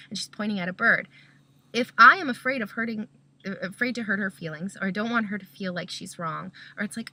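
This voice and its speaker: A woman with a bright, forward voice at a middle pitch gives a casual teaching talk as a Christian parent. She works through her points one step at a time and keeps checking in with "okay?". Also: animated, fast talker.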